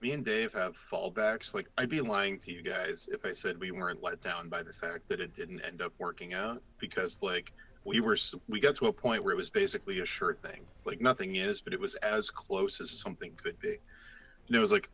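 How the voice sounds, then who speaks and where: A young man chatting casually, telling a story in a rambling, animated way and acting out both sides of the dialogue. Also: sits low, a little fast, slightly rough, low-quality recording. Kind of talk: casual chat.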